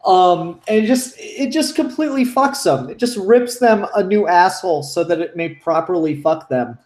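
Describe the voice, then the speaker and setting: Man, casual comics chat, excitable, profane, high voice, roomy echo. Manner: excitable and profane, acts out scenes. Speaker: podcast co-host.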